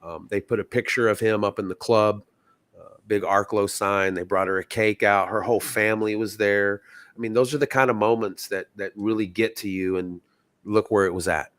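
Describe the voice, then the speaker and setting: A man's voice: on the low side, fairly even intonation, moderate pace, a bit bright, dry recording. A man from Texas, a guest sounding stuffy from a cold, telling stories in an earnest, reflective way. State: stuffy, sick. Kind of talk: casual chat.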